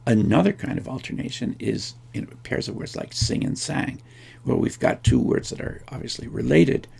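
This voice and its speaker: A man's voice: mid-range voice, moderate pace, vocal fry, a little mellow, slightly rough. A man giving a recorded linguistics lecture, thinking aloud with frequent restarts and fillers.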